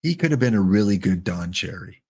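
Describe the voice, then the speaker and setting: A middle-aged man giving chatty, joking live-stream commentary while playing a baseball sim, excited and wired on coffee. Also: low-pitched, a little fast, gravelly, husky. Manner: chatty, joking, talks to chat bots.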